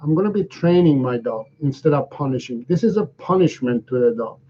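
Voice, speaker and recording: A man's voice: medium pitch, animated, a little fast, mellow, husky, dull audio. A man who works as a dog trainer, answering viewers' questions in a live lesson, often restarting sentences and checking that he is understood.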